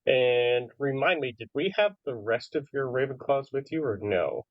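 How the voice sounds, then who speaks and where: A man's voice: medium pitch, lively intonation, moderate pace, no room sound, lo-fi sound. A man narrating as game master of a tabletop game in a casual, filler-heavy way.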